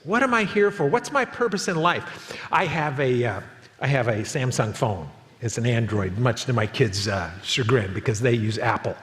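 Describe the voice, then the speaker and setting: A man in his fifties preaching a sermon as pastor, telling a story with lively acted quotes. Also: mid-range voice, normal speed, long reverb tail. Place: church auditorium.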